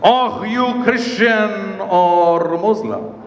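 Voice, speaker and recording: A man voicing a stern male border security officer who asks slow, deliberate interrogating questions, heard from a live stage. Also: very high-pitched, pushed and bright. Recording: echoey hall with live audience.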